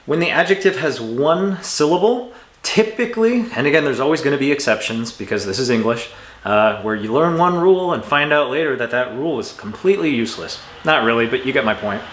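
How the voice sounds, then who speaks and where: A man's voice: mid-range voice, brisk. Chatty man teaching in an echoey room. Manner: relaxed, chatty, self-correcting. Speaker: English teacher. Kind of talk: casual grammar lesson. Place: home room with a cat.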